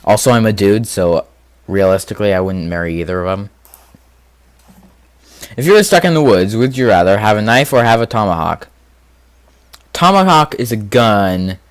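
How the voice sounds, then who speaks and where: A man hosting a casual gaming video, rambling and thinking out loud with lots of fillers as he answers quiz questions. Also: fairly low pitch, expressive, moderate pace, pauses often, smooth, no echo. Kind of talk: casual commentary on a quiz game.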